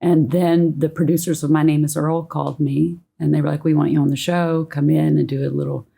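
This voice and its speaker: A woman in her forties from Tennessee, a podcast guest telling her story in animated, laughing conversation. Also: low voice, a little fast, gravelly, husky. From Tennessee, United States. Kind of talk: casual interview storytelling.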